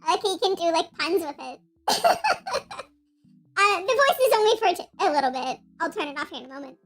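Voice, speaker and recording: Squeaky minion. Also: female voice, very animated, a little fast, a bit bright, soft background music, full character voice. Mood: giggly. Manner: giggly, rambling chatter. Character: squeaky little minion creature. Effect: pitch-raising voice changer. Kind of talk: live stream chat.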